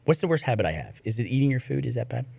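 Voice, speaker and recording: A man's voice: mid-range voice, racing, creaky, dry recording. A man co-hosting a podcast in casual chat, joking and telling stories. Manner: animated, joking storyteller. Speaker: podcast co-host.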